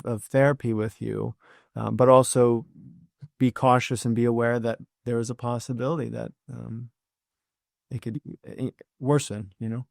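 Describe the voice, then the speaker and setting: Man, psychiatrist host, gravelly, hesitant, many fillers, dry sound. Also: medium pitch, dry recording. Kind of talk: webinar discussion.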